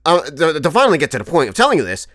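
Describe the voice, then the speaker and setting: Animated, profane young man telling stories. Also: a little high, very fast, no room sound, studio quality. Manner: animated, profane, laughs often. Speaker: vlogger. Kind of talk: comedic storytelling monologue.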